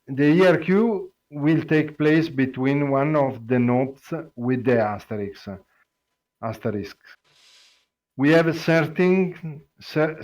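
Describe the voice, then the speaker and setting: A man with an Italian accent, Italian his first language, explaining code on a live stream, halting with many fillers and restarts. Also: fairly high pitch. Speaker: programming presenter.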